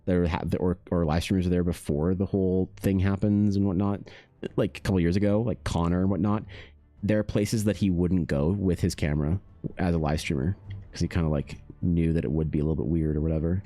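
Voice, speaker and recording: Low mellow-voiced male streamer chatting. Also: steady tone, fairly quick, dry recording. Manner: rambling, many fillers, reads chat aloud. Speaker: art streamer. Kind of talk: casual live stream chat.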